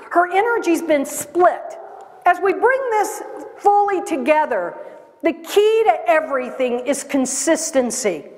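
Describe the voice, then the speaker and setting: Woman speaker, high voice, emphatic motivational delivery, echoey hall sound. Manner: energetic, emphatic, repeats key phrases. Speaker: conference speaker. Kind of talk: motivational presentation. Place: conference hall.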